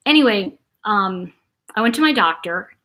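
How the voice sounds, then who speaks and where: A woman's voice: medium pitch, lively intonation, moderate pace, bright, forceful tone. Chatty woman livestreaming. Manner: rambling, chatty, greets viewers by name. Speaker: livestream host. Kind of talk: casual livestream chat.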